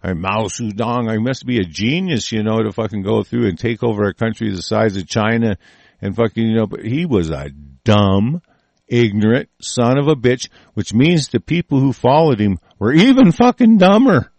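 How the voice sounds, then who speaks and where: Gravelly man in a profane rant. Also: fairly low pitch, lively intonation, moderate pace, a little mellow, no echo. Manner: angry, profane, rambling with restarts. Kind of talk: profane ranting commentary.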